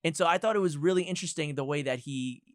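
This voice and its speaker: A man's voice: a little high, fast talker, no echo, studio quality. A young man as a podcast guest, talking in a rambling, hedging way full of filler words. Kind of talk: casual podcast chat.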